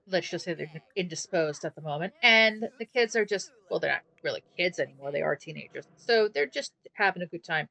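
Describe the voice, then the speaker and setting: A woman's voice: fairly low pitch, sharp tone, poor audio. A woman hosting a gaming channel, chatting casually through a life simulation game in loose run-on sentences. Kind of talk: life simulation gameplay commentary.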